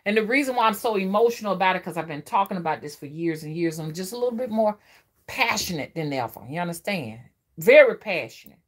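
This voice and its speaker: A woman's voice: fairly low pitch, animated, fast. A woman, a spiritual reader giving a profane, emphatic ranting monologue and often asking the listener whether they follow. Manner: profane, preachy, emphatic, asks the listener to agree.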